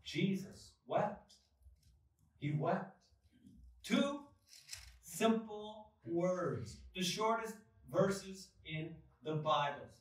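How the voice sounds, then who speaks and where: A male pastor preaching a sermon, slow and deliberate, with dramatic pauses and swells of emphasis. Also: sits high, animated. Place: church sanctuary. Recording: echoey church hall from far off.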